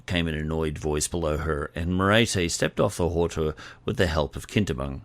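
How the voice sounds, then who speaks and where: A man reading scripted audiobook narration in a steady, expressive way. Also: very deep voice, moderate pace.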